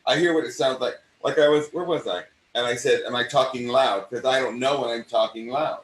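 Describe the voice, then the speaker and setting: An older man with a mid-Atlantic accent, an acting coach hosting a conversation and talking in an animated way that often restarts and repeats phrases. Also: medium pitch, brisk. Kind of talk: casual conversation. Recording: roomy sound from a distant mic.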